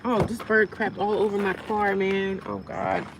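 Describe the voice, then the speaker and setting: A woman in her forties chats on a live phone stream outdoors, talking straight to her viewers and answering their comments. Traffic noise carries clearly behind her. Her voice sits at an ordinary middle pitch. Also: steady tone, measured pace. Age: 40s. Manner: chatty, reads and answers viewer comments aloud. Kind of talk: casual live-stream chat. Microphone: phone on a tripod.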